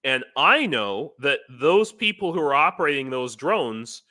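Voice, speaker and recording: A man's voice: medium pitch, sing-song, unhurried, sharp tone. An American man, a volunteer in Ukraine, talking loosely in a casual live-stream chat and chuckling between points. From United States. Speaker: guest, foreign volunteer in Ukraine.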